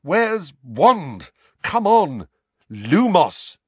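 Man playing a desperate teenage wizard, raised pitch, urgent, shouting, dry studio read. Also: sing-song, extremely slow, husky, no room sound, full character voice. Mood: frantic. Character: desperate young wizard boy under attack.

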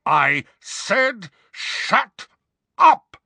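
A man's voice: sits high, big pitch swings, extremely slow, vocal fry, pushed and bright, husky, no room sound, voice pushed up, heavily acted. Man voicing a furious man who roars, raised and strained, dry close sound. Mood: angry roaring. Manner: roaring orders. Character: angry long-haired grown man, roaring.

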